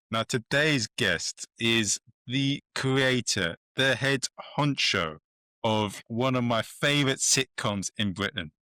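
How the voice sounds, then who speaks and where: A man's voice: medium pitch, bright, forceful tone, dry recording, studio quality. A man hosting an interview podcast, enthusiastic and a little rambling, with frequent restarts. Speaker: podcast host. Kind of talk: casual interview chat.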